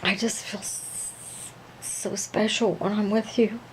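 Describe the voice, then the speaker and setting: Woman as an emotional young woman: mellow, fretful, halting. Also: mid-range voice, steady tone, a little hiss or hum, natural voice, low-quality recording. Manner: breathless, fretful, halting with repeated words.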